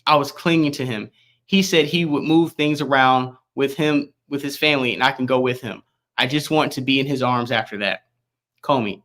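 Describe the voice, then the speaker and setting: A man reading court transcript aloud as an online news commentator, halting and repeating words, with casual asides. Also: on the high side, sharp tone. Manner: reads in a rushed, halting way, stumbling and repeating words.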